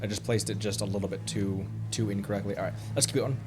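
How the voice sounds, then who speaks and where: A man's voice: lowish voice, fairly even intonation, quick pace, music in the background. A man streaming a video game live, rambling casually and laughing at his own slips. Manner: chatty, rambling, laughs often at himself.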